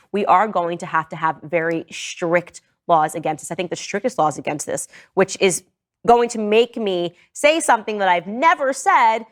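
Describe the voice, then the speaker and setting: A woman with a fairly low voice speaks in an earnest, urgent podcast commentary. She sounds steady and pressing as she warns her listeners. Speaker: podcast host. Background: played in a reaction video.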